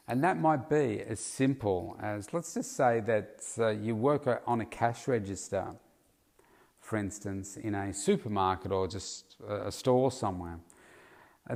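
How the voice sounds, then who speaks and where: Man, somewhat low voice, casual rambling solo podcast, lots of fillers. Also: darkish tone. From Australia. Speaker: podcast host, health coach.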